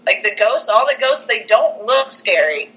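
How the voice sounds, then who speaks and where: Speaking at a normal speed in a slightly high voice, a young woman co-hosting a podcast lays out a movie plot with lively, casual enthusiasm. She says "like" over and over and acts out the quotes, all captured in lo-fi sound.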